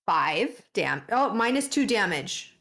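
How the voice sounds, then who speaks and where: A woman's voice: medium pitch, sing-song, slow pace, a bit bright. Blunt, joking woman at a game table. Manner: blunt and joking, swears freely. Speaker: player. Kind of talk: casual tabletop game chat.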